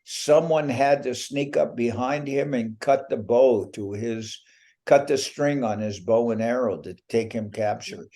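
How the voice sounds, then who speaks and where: A man's voice: medium pitch, mellow. Playful teasing man on a video call. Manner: playful teasing, drawn-out punchlines. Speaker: spiritual teacher giving a talk. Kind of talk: casual joking chat over video call.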